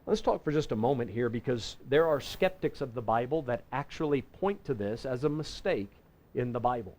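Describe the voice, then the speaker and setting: A man teaching a Bible lesson in a folksy, conversational way, slowing down to read scripture verses. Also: mid-range voice, lively intonation, darkish tone. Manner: folksy and conversational, reading scripture slowly and deliberately; self-correcting with frequent restarts. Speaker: pastor teaching a Bible class.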